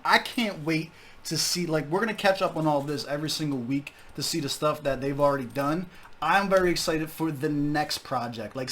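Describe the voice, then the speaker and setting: A man's voice: on the high side, a bit bright, a little hiss or hum. A young man hosting a casual music review, candid, profane and enthusiastic. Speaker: music reaction host. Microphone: desk microphone.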